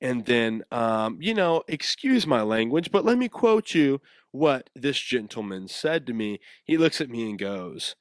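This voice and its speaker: A man's voice: mid-range voice, very animated, measured pace, hardly any pauses, no echo, studio quality. A young man hosting a podcast, casually telling a story with frequent laughs and repeated words. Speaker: podcast host.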